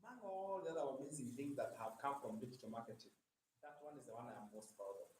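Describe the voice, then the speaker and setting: A man's voice: medium pitch, fast, a little mellow. Male coach, preachy motivational talk, roomy echo, faint room noise. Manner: preachy, asks audience for agreement. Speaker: digital marketing coach. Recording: echoey room, distant mic.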